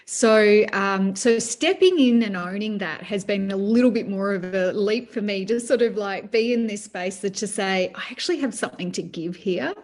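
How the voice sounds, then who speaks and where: Middle-aged woman coach, mid-range pitch, earnest, talks in long winding sentences. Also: moderate pace, hardly any pauses, a little mellow. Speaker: guest, money management coach. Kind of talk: conversational interview.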